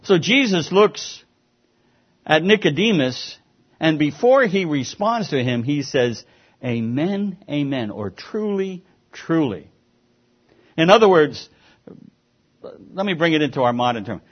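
A man's voice: fairly high pitch, expressive, a little slow, husky, highs cut off. A man preaching a sermon as pastor, earnest and emphatic, sometimes stumbling over repeated words.

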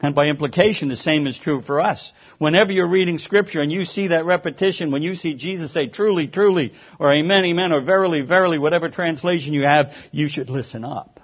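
A man's voice: on the high side, fairly quick, few pauses, slightly rough, muffled recording. A man preaching a sermon as pastor, earnest and emphatic, sometimes stumbling over repeated words.

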